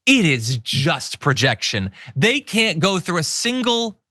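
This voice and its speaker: Bright, animated male political commentator. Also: on the high side, takes it slowly, dry recording, clean studio sound. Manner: sarcastic, animated and mocking. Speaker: host.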